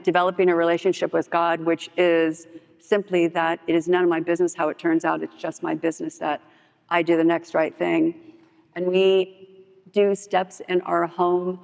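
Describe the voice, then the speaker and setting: A woman's voice: fairly low pitch, creaky, darkish tone. A woman giving candid personal testimony in a chatty storytelling way at a meeting hall. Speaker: speaker at a recovery meeting. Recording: echoey hall, dull lo-fi sound.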